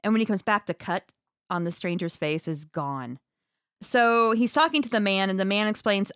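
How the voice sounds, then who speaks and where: A woman's voice: mid-range voice, normal speed, fairly bright tone, clean tone, no room sound. Dry-sounding woman recapping a story. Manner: storytelling, laughing, profane asides. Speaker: podcast host recapping a book. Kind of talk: casual chat.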